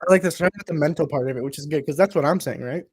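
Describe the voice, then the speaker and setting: A man's voice: fairly high pitch, very fast, a little mellow, breathy edge, no echo, studio quality. A man hosting a live watch party, riffing with crude, profane, mocking banter as casual reaction commentary.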